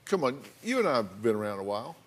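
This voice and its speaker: A man's voice: medium pitch, very animated, fast talker. An older man hosting a talk show, asking probing questions in a blunt, folksy way.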